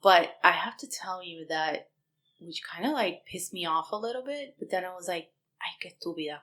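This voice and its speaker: A woman co-hosting a podcast in casual chat, telling stories in an animated way and acting out what people said. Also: moderate pace. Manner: animated storytelling, acts out quotes with big pitch jumps. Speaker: podcast co-host.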